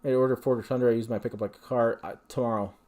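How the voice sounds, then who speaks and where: This man's voice sits at medium pitch, steady and dark in tone, and he talks at a racing speed. Hosting a relaxed livestream, he reads viewer questions aloud and answers with chatty rambling, constant fillers, and frequent restarts.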